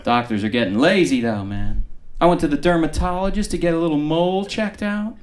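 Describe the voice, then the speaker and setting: A man doing a stand-up comedy set on stage with a dry, deadpan delivery. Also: on the high side, a little fast. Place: comedy club stage before a live audience.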